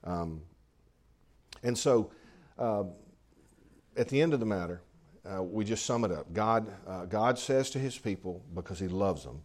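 A man's voice: on the low side, animated, a little slow, a little mellow. Man preaching a sermon. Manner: conversational, repeats and restarts phrases. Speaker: pastor.

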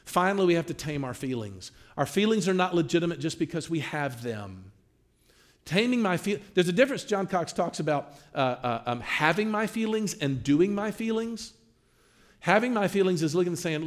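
Male pastor, teaching a class. Animated delivery, lively and on the high side. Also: normal speed. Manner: animated, acts out quoted dialogue.

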